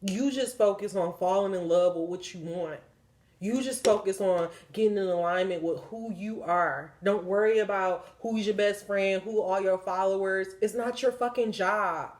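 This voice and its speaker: A woman's voice: mid-range voice, moderate pace, darkish tone. A woman, giving a spiritual card reading in an emphatic, preachy way with lots of swearing. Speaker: tarot reader.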